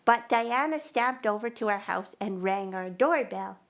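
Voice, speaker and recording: A woman's voice: medium pitch, animated, unhurried. A woman telling a first-person story at a live performance, narrating expressively and acting out the dialogue. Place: performance venue.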